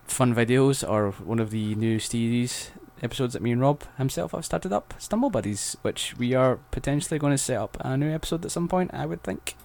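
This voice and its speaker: A man's voice: mid-range voice, a little fast, gravelly, few pauses, darkish tone. A man, joking around as a guest in a casual podcast chat. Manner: joking, laughs often.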